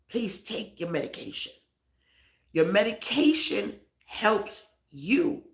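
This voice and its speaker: A woman's voice: mid-range voice, creaky, roomy sound. A woman pastor preaching a live-streamed sermon, repeating phrases and pleading directly with her listeners.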